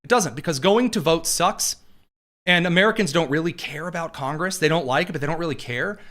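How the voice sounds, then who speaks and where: A man's voice: fairly high pitch, brisk, a bit bright. A man hosting casual political commentary, sarcastic and jokey, with frequent fillers and asides.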